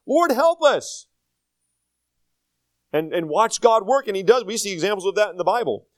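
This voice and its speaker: A man's voice: high voice, fast, dry recording. An older man preaching a sermon as pastor, folksy and self-deprecating, asking the congregation rhetorical questions.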